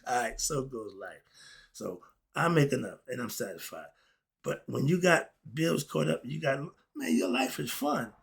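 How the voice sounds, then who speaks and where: An older man talking casually and emphatically in a monologue, with laughing asides, swinging between loud and soft. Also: mid-range voice, sing-song, normal speed, gravelly, husky. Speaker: commentator.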